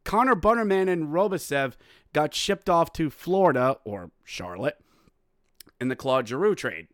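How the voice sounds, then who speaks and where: Excitable male hockey podcast host. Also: fairly high pitch, moderate pace, no room sound, clean studio sound. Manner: shouts excited goal calls, then sardonic commentary. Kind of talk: solo sports podcast recap with play-by-play.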